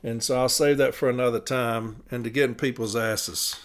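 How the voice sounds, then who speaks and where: A man's voice: mid-range voice, steady tone, moderate pace. Blunt, profane man ranting. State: tired. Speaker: podcast host, city letter carrier. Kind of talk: casual opinion monologue.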